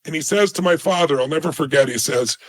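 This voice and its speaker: A man's voice: fairly high pitch, fast talker, low-quality recording. A man telling an earnest personal story from his childhood, emphatic and quoting the people in it. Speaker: speaker telling a life story.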